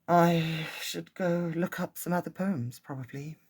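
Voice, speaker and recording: A host of a casual home vlog who reads poems aloud and chats between them in a relaxed, self-deprecating way. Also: mid-range voice, unhurried, breathy edge. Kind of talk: casual poetry-reading vlog.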